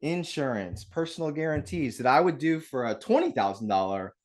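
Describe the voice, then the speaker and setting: A man hosting a live real estate webinar, talking in an energetic, upbeat way straight to his audience over a video call mic. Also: medium pitch, normal speed. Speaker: webinar host.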